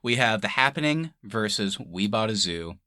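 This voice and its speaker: Podcast co-host, male, bright lively voice, dry close mic, loose and laughing. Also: on the low side, moderate pace, dry recording. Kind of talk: casual movie-review chat.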